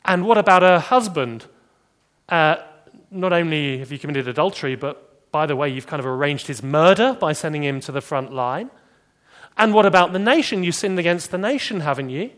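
A man delivers a sermon in a somewhat high voice. He preaches with animation, lifting his voice for emphasis and then dropping low and quiet to land serious points. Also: expressive, moderate pace. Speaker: pastor.

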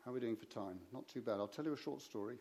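A man's voice: mid-range voice, racing, a little mellow. A man preaching a sermon, telling stories and acting out the conversations in them. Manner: anecdotal, acts out conversations in his stories.

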